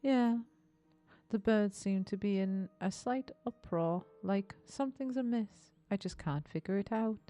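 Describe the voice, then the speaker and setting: A woman's voice: medium pitch, a little slow, dark tone, dry recording, faint music behind, voice pushed up, natural voice. A woman voicing a cheerful, chatty female tavern regular who tends birds, reading game dialogue aloud.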